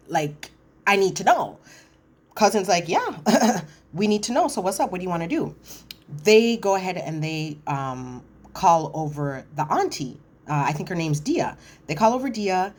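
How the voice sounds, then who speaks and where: A woman casually recapping a reality TV episode, chatty and animated, acting out cast members' lines and correcting herself as she goes. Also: lowish voice. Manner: animated, quotes cast members in voiced asides; chatty, frequent fillers and self-corrections.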